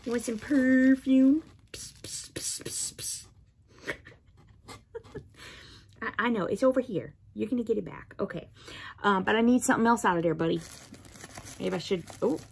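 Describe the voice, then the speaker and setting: A woman's voice: fairly high pitch, a little fast, gravelly, long pauses, slight background noise. A woman hosting a casual unboxing video, cooing playfully at her cat and laughing often. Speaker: vlog host.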